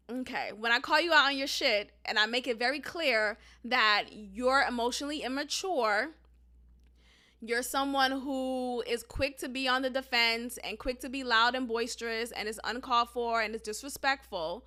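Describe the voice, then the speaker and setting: A woman's voice: fairly high pitch, normal speed. A woman hosting a podcast, telling a personal story in a casual, emphatic way, sometimes cursing and calling her listeners y'all. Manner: emphatic, animated, profane, addresses listeners as y'all. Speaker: podcast host.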